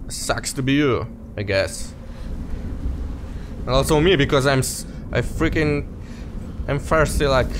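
Excitable let's player, very lively pitch, slow delivery. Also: male voice, background noise. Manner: excitable, laughing, talks to viewers as guys. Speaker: gaming youtuber. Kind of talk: casual let's play commentary.

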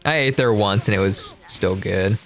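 A man's voice: on the low side, moderate pace, gravelly, fairly bright tone, soft background music. A young man co-hosting a gaming channel, cracking goofy jokes into his desk mic while playing. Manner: goofy, silly jokes, giggles. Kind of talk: casual chat while gaming. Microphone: own desk mic.

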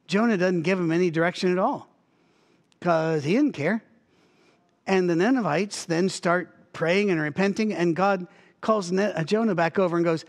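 High-voiced pastor telling a lively sermon. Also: male voice, normal speed. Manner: lively storytelling, acts out voices, chuckles often. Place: church.

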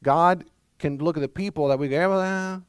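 Emphatic Southern preacher, dry close sound. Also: male voice, on the high side, a little fast, smooth, no room sound. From Mississippi. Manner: emphatic preacher with rhetorical questions and shifting pace. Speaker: pastor. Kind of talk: sermon.

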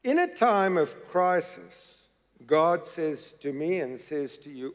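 A man's voice: fairly high pitch, big pitch swings, takes it slowly. A man preaching a sermon in a church, emphatic and dramatic, repeating phrases for effect. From South Africa. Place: large church hall. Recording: reverberant church hall.

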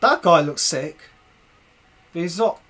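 A man's voice: fairly high pitch, lively intonation, unhurried, a bit bright. A young man live-streaming a video game, cursing and ranting at himself in casual commentary. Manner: swears a lot, exasperated ranting, talks to himself.

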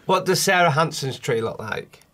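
A man's voice: a little high, animated, normal speed, fairly bright tone. A man co-hosting a podcast in casual comic chat, cheeky and teasing. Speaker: podcast co-host.

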